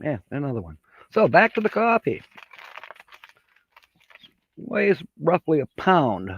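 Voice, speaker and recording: A man's voice: on the high side, sing-song, slow pace, vocal fry, slightly rough, dull audio. A man hosting a casual livestream chat, rambling in a folksy way and laughing at his own jokes. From Michigan. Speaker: livestream host.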